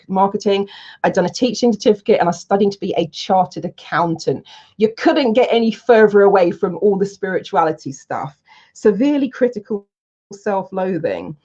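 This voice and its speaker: A woman in her forties, a coach from the United Kingdom, telling her story to an online audience in an animated, emphatic way from a room at home. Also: mid-range voice. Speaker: coach and soul plan reader. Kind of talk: casual talk to an online audience. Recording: slightly dull, lo-fi audio.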